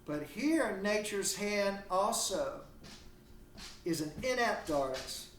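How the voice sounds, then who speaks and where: A man's voice: sits high, animated, takes it slowly, recorded from a distance, a little hiss or hum. A man teaching a literature class online from home, talking in a conversational, digressive way and leaning hard on key words. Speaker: literature instructor. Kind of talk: recorded online lecture. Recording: roomy, off-mic home recording.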